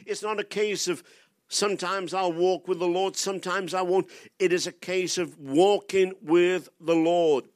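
An older man delivering a sermon at an unhurried, deliberate pace. His voice sits high for a man, and he keeps putting pointed rhetorical questions to the congregation. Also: steady tone. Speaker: guest preacher.

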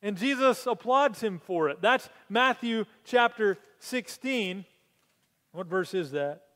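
Pastor preaching with animated energy. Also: male voice, high-pitched, slow pace. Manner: animated storytelling, rising to excited peaks. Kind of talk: sermon. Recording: long hall reverb.

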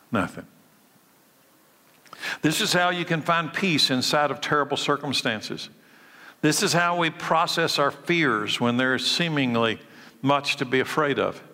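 A man preaching a sermon as pastor, emphatic, sometimes dropping to hushed tones. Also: mid-range voice, long reverb tail.

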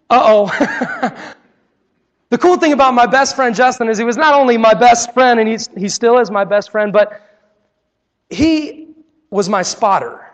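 A young man preaching a sermon, telling a personal story with animated, acted-out scenes. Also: extremely high pitch, measured pace, long pauses, long reverb tail.

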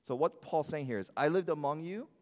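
A man preaching a sermon as pastor, animated and shifting his loudness, often acting out the voices of others. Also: fairly high pitch, fairly quick, in a large hall. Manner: animated, varies loudness, acts out quoted voices. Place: church sanctuary.

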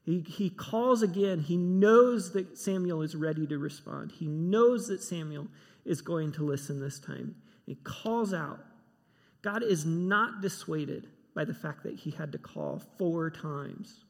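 A man's voice: on the high side, unhurried. A man preaching a sermon, emphatic and given to repeating himself. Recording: long hall reverb.

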